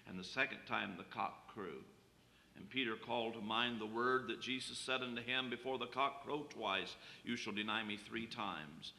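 A man's voice: on the low side, normal speed, creaky, sharp tone, in a large hall, slight background noise. A man preaching a sermon, reading King James scripture aloud and then explaining it plainly to the congregation.

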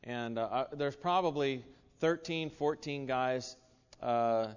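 A man's voice: medium pitch, takes it slowly, clear, resonant tone, in a large hall, dull audio. A man with an American accent preaching a sermon, earnest, with frequent restarts and asides. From United States.

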